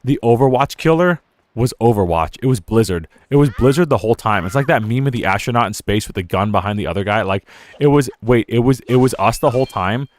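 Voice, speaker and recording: A man's voice: mid-range voice, animated, fast. A young man streaming a game, rambling casually, laughing often and slipping into silly quoted voices. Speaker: gaming streamer. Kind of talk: casual live-stream commentary.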